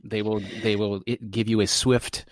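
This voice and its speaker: A man in his forties from the United States hosts a casual podcast chat in a fairly low voice. He jokes at his own expense and restarts his sentences often. The sound is close and dry, with no room around it. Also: fairly even intonation, moderate pace, dry recording. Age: 40s. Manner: jokey and self-deprecating, chatty with lots of restarts. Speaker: podcast host.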